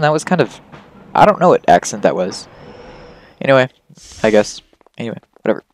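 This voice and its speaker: A man's voice: medium pitch, sing-song, fairly quick, long pauses, poor audio. A young man casually commenting on a video game, reading its dialogue aloud in his own voice and adding joking, rambling asides. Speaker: let's play host. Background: faint game music.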